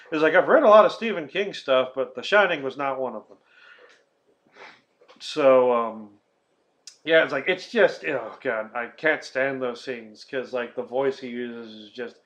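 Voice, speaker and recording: A man's voice: mid-range voice, a little slow, long pauses, a bit bright. A man hosting a casual podcast about a movie, rambling through the plot with lots of fillers, swearing and laughing. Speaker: podcast host. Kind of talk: casual movie-review chat. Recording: dull lo-fi podcast audio.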